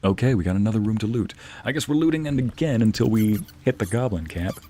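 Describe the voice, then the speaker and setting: Chatty low-voiced male game streamer. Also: animated, quick pace, mellow. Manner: chatty, reads and answers chat aloud, drops into Spanish phrases. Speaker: streamer playing a video game. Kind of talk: casual live-stream chat with viewers.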